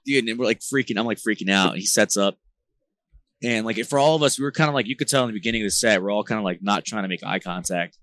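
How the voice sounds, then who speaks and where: A man from New Jersey, a band vocalist, talking as a podcast guest in a rambling, slang-filled way with lots of fillers, getting animated as he tells stories. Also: on the low side, fast talker, no room sound. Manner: rambling, filler-heavy slang talk with frequent "like" and "bro"; animated, gets louder when retelling tense moments. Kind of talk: casual conversational storytelling.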